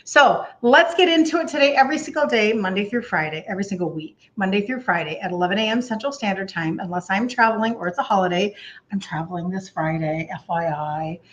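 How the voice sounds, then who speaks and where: A woman's voice: medium pitch, expressive, quick pace, fairly bright tone, muffled recording. A woman in her fifties with a Minnesota accent, chatting casually as a health coach on a livestream, laughing often and filling gaps with "um" and "like". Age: 50s. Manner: chatty, laughs often, uses many fillers.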